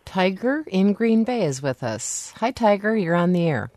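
A woman's voice: mid-range voice, very animated, a little slow, darkish tone, dry recording, clean studio sound. A woman hosting a radio call-in show, curious as she reads out callers and asks questions. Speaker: radio host.

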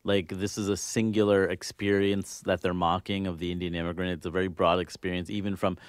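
A man's voice: low voice, level tone, a little fast, clean tone, dry recording, clean studio sound. A man being interviewed as a filmmaker, earnest and thinking aloud with many fillers. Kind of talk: casual interview.

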